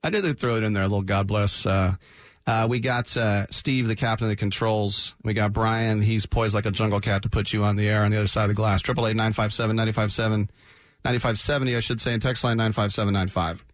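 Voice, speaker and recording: A man hosting a sports talk radio show, animated and jokey, often slipping into quick mock voices. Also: on the low side, no echo, clean studio sound. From San Francisco Bay Area. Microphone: studio microphone.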